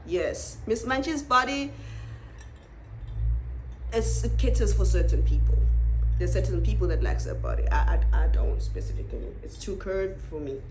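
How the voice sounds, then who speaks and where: A South African woman reviewing a reality show in a casual, animated way, laughing and exclaiming often. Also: on the high side, slight background noise.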